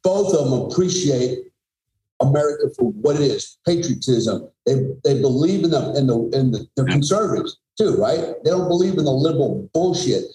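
Warm and animated at a normal speed, a middle-aged man's mid-range voice carries a conversational story on a podcast where he's the guest. He's a former special forces soldier who speaks bluntly and profanely with emphasis, over soft background music in an echoey room.

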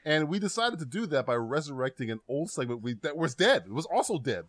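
Lively, swearing male podcast co-host. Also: a little high, a little fast, crowd noise. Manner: laughs often, swears, animated. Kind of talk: casual comedic chat.

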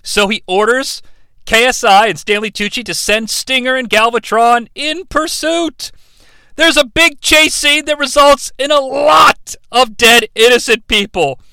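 A man's voice: very high-pitched, measured pace, vocal fry, pushed and bright, clean tone, no echo. A man reviewing a movie in a sarcastic, profane, rambling comedic rant.

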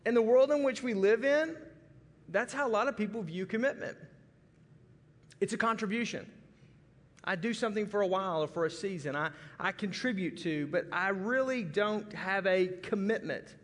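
A man's voice: high voice, animated, moderate pace. A man from Arkansas preaching a folksy, conversational sermon with many restarts. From Arkansas, USA. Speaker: pastor. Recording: long hall reverb.

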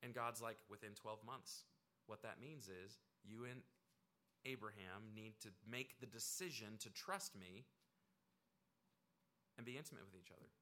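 A man preaching a sermon in a bright, sharp voice. He talks to the congregation conversationally and leans into points with emphatic repetition. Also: lowish voice, lively intonation, normal speed, pauses often. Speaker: pastor.

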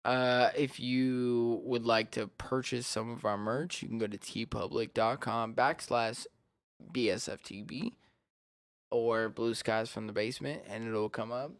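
A man co-hosting a podcast, talking casually, loud and swearing freely. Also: mid-range voice, fairly even intonation, unhurried, no echo. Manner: loud, swearing, laughs a lot. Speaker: podcast co-host. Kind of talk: casual chat.

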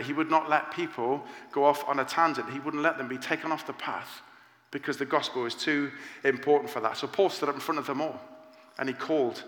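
A man preaching a sermon as pastor, earnest and animated, asking the congregation questions. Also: medium pitch. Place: church. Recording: echoey church hall with long reverb.

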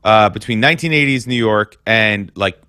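A man co-hosting a casual chat about a film, rambling with lots of fillers and jumping up in pitch for mock impressions. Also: moderate pace, bright, forceful tone, smooth, no room sound, clean studio sound. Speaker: podcast co-host.

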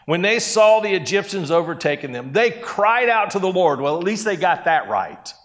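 A man's voice: high voice, sing-song, normal speed, fairly bright tone. A man preaching a sermon in a conversational way, breaking into acted-out quotes of people. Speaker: pastor.

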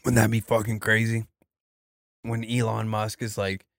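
A man's voice: fairly low pitch, monotone, a little slow, no echo, clean studio sound. A man in his twenties doing a crude, rambling comic monologue in a mock-serious tone. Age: 20s.

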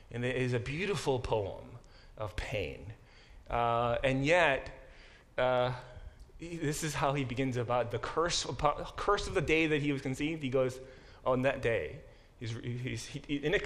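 Lecturing man, halting and thoughtful. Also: medium pitch, a bit bright. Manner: thinking aloud, many restarts and fillers; slows down to sound out Hebrew words. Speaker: professor teaching a Bible class. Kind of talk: classroom lecture.

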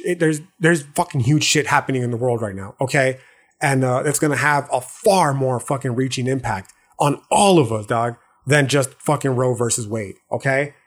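A man hosting a podcast, talking through philosophy in a loose, profane, slangy monologue that keeps checking in with the listener. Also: medium pitch. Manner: profane, slangy, loose street-talk delivery; frequent restarts and check-ins like "okay" and "right". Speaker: podcast host.

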